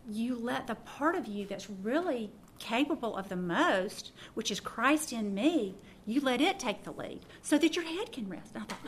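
Middle-aged woman preaching casually, bit high voice, acts out her thoughts, faint hiss behind. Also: moderate pace, hardly any pauses. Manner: animated, acts out her own thoughts and laughs. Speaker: speaker teaching a prayer practice. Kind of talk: informal sermon storytelling.

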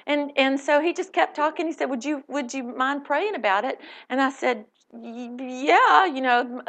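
Bright-voiced woman telling a lively story. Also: sits high, normal speed. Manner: animated, laughing, acts out quotes. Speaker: speaker at a Christian event. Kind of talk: storytelling testimony to an audience.

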